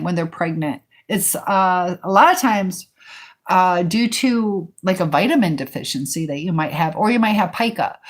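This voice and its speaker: Chatty woman hosting a live stream. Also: medium pitch. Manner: chatty, rambling with many fillers, reading and answering viewer comments. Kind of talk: casual live-stream chat.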